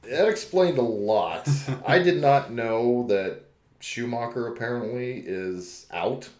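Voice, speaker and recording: A man's voice: mid-range voice, slow pace, darkish tone. A man co-hosting a podcast in casual chat, joking, laughing often and putting on mock outrage. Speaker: podcast co-host. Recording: roomy echo.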